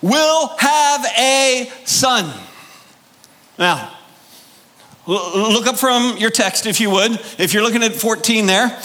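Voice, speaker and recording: A man preaching a sermon, emphatic and deliberate, firing rhetorical questions at his congregation. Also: high-pitched, sharp tone. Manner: drawn-out, deliberate delivery with pauses. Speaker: pastor.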